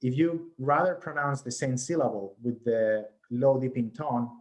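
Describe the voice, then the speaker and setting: A man's voice: mid-range voice, fairly even intonation, normal speed, darkish tone. Man giving an academic lecture. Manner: explanatory, often checks in with "right?". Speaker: research presenter.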